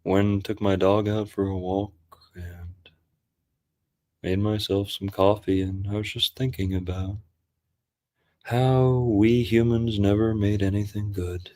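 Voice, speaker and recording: A hushed, soothing conspiracy narrator, as a man puts him on in whispered role-play. He has a low, soft, slow murmur that lulls rather than alarms. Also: steady tone, lightly acted. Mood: dreamy.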